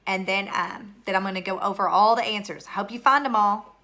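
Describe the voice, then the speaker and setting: A woman teacher talks to young children through a recorded video lesson, her voice bright and clear. She paces herself patiently, posing questions and then confirming the answers as if the class had replied. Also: medium pitch, a little fast. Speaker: third grade teacher.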